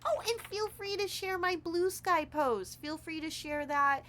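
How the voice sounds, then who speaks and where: A woman live-streaming a game, chatting casually with viewers and gushing with excitement over what she finds. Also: extremely high pitch, measured pace, slight background noise. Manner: excitable, gushing and squealing with delight; chatty, addresses viewers as sweethearts.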